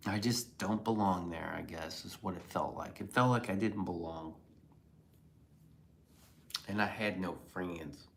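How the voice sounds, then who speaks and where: A man streaming a casual chat, rambling and swearing freely, often trailing off into quiet mumbles as he reads chat messages. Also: low-pitched, measured pace, creaky, pauses often.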